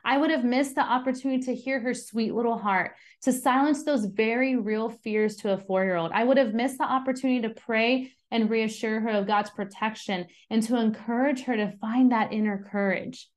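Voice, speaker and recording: High-voiced earnest young mom. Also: female voice, moderate pace, hardly any pauses. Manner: chatty, earnest, asks the audience questions. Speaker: mom sharing a devotional talk. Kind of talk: casual faith talk.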